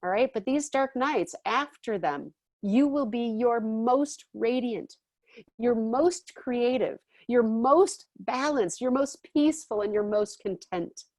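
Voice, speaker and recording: A woman's voice: a little high, expressive, slow pace, darkish tone, no echo. Chatty woman teaching a class, dry sound. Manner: chatty, often checks in with "okay?" and "all right?".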